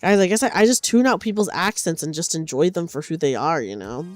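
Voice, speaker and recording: A sleepy woman streamer talking casually from her couch. Her pitch bounces around a lot even when she is tired, and she rambles and restarts her sentences. The sound is dry and close, with faint music playing underneath. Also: brisk, no echo. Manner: rambling, self-correcting, chatty. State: sleepy, low energy. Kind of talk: casual chat while knitting. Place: at home on a couch.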